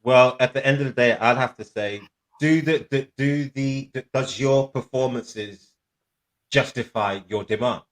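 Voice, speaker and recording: A man's voice: medium pitch, a little slow, rough recording. Emphatic man questioning in football chat. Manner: hesitant, restarts, emphatic questions. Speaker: football podcast co-host.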